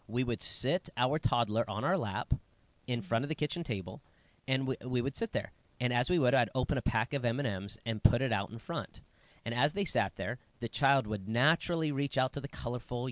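A man co-hosting a casual chat about parenting, emphatic and animated, acting out quotes. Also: mid-range voice, fairly quick, dry recording. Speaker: co-host, parent.

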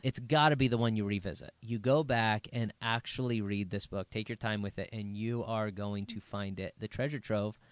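Low-voiced easygoing pastor, dry sound. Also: male voice, steady tone, normal speed, few pauses, no echo. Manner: easygoing, jokey, restarts often. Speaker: pastor, podcast co-host. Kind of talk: casual conversation about books. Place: Las Vegas.

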